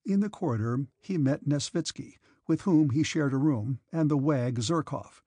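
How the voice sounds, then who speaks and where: A man narrates a classic novel in a steady, measured way. His voice sits a little high and has a husky grain. The sound is dry and close to the mic. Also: no echo. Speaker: audiobook narrator. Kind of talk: scripted audiobook narration.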